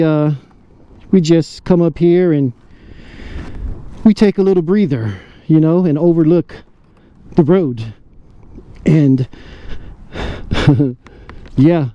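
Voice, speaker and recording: Casual vlogger in his fifties, slightly high voice, friendly rambling talk, outdoors at a roadside stop. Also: mellow, slight background noise. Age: 50s. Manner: rambling, friendly, lots of fillers. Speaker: motorcycle vlogger. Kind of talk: casual vlog narration.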